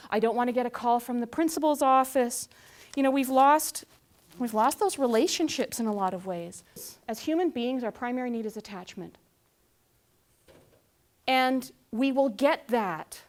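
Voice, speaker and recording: A woman in her forties speaks to a live audience in a bright, fairly high voice. She keeps it conversational, tossing questions to the room and slipping into little acted-out scenes to make her point. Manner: lively, asks the audience questions, acts out scenes. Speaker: conference speaker.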